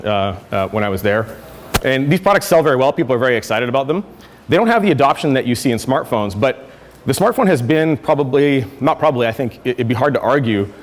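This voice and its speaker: A man gives a conference talk at a brisk pace, restarting phrases and filling gaps with "um" as he goes. His voice sits mid-range. It rings out with a long reverb from the hall. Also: medium pitch. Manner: conversational, self-correcting with fillers. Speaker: conference speaker. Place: lecture hall.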